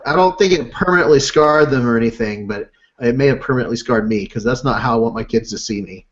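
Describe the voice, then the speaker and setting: Animated man telling a story, lo-fi. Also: medium pitch, fast. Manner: animated, self-deprecating storyteller. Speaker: podcast co-host, father. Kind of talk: casual storytelling chat.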